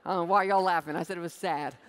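A man giving a humorous, animated sermon, telling a story and acting out voices. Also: sits high, racing, clear, resonant tone, in a large hall. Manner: animated, jokey, acts out voices.

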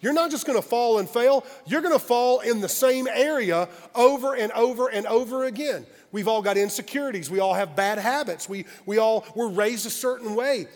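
A man preaching a sermon as pastor, emphatic and conversational, swinging from loud exclamations to quiet, earnest asides. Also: extremely high pitch, moderate pace, hardly any pauses, long reverb tail. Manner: conversational, confessional asides to the congregation.

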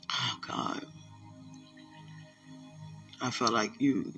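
Slow, halting man with faint music. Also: medium pitch. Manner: halting, repeats himself, sighs and laughs often. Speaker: podcast host. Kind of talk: emotional spiritual monologue.

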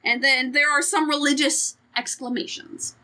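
A woman's voice: high-pitched, steady tone, moderate pace, sharp tone. A woman co-hosting a podcast in casual chat, frank, profane and joking. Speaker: podcast co-host.

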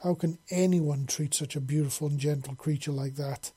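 Affectionate young woman as a male narrator puts her on, effusive, lifted pitch, husky. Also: normal speed, dark tone. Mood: wailing. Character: warm emotional young human woman, affectionate.

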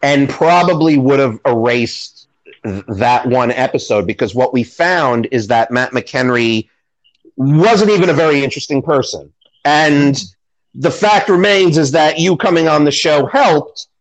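A man co-hosting a podcast speaks at a measured pace in a medium-pitched voice, recorded at low quality. His casual chat is sarcastic and self-deprecating, and he acts out what other people said.

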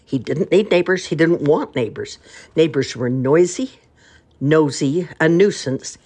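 An older grandmother reading picture books aloud in an expressive, playful way. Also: low-pitched, unhurried, breathy edge. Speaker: storyteller grandmother.

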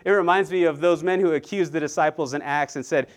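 Animated, clear-voiced male preacher. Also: a little high, fast. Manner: animated preaching with frequent repetitions and asides to the congregation. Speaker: pastor. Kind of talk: sermon.

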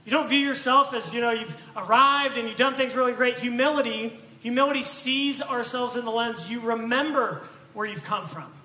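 A man's voice: very high voice, normal speed, sharp tone. A man preaching a sermon as pastor, in a conversational, storytelling way with rhetorical questions. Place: church sanctuary. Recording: echoey church room with faint noise.

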